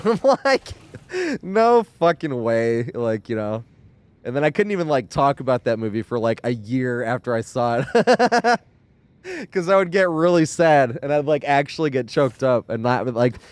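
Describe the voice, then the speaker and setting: A man's voice: mid-range voice, smooth, no echo. A man chatting casually during a live game stream, rambling and laughing, swearing freely.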